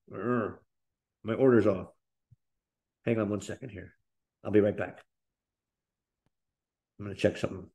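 Slow, rambling male teacher. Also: medium pitch, a little mellow. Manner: slow, explanatory, with many fillers and restarts; demonstrates example phrases in a lifted, playful voice. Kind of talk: webinar lesson on speaking skills.

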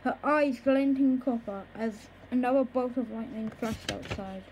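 A woman reading a children's book aloud in a slow, careful way, with occasional small stumbles over words. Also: fairly high pitch, noisy background. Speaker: storybook reader.

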